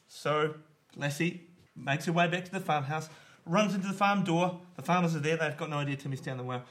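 A man's voice: a little high, a little fast, fairly bright tone. A man who is a comedy panellist, telling a rambling story with fillers. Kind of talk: comic storytelling.

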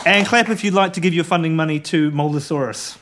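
A man's voice: a little high, fast talker, over a noisy crowd, heavy background noise. A man hosting a live comedy quiz show, chatty and laughing, with many fillers.

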